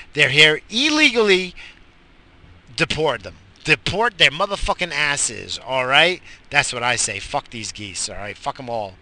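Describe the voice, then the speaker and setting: A man's voice: a little high, pushed and bright. A man delivering a profane, mock-outraged comedic rant, angry and repetitive. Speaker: comic ranter.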